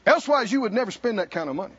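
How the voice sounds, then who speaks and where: An older man preaching a conference sermon, animated, acting out voices and drawing responses from the congregation. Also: sits high, rapid-fire, slightly rough. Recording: dull lo-fi live recording.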